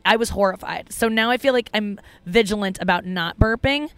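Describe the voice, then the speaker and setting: A woman's voice: medium pitch, brisk, clear, resonant tone, dry recording. A woman hosting a comedy podcast who rambles through stories, swears freely and leans on filler words. Her voice is recorded dry and close, with no room sound around it. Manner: rambling storytelling with frequent profanity and fillers. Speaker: podcast host. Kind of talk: casual comedic podcast chat.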